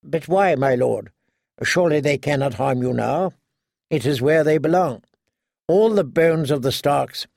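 Male reader voicing a mild old scholar, soft and pleading, higher pitch, dry sound. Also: unhurried, gravelly, no echo. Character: small grey older male scholar, gentle and pleading.

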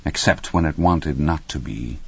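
A man's voice: very deep voice, unhurried, a little mellow, husky, full character voice. A man voicing a haunted, tense middle-aged father with a clipped way of speaking. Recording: dry, slightly muffled studio recording.

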